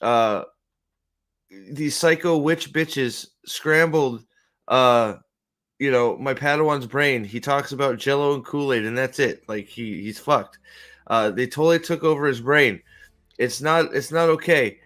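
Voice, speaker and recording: A man's voice: medium pitch, a little slow, fairly bright tone, lightly acted. Exasperated female Jedi knight, rambling and profane, a man putting her on in his own voice.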